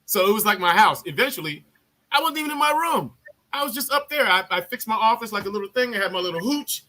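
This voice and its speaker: An army veteran tells a story in a casual live chat, speaking fast in a high voice. He swears freely and animatedly acts out other people's lines.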